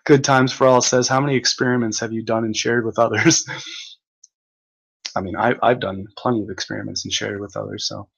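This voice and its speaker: A man's voice: lowish voice, fairly even intonation, brisk, vocal fry, a bit bright, slightly rough, poor audio. A young man hosting a livestream, reading the chat aloud and ranting at commenters with a mocking, exasperated manner, laughing often and swearing.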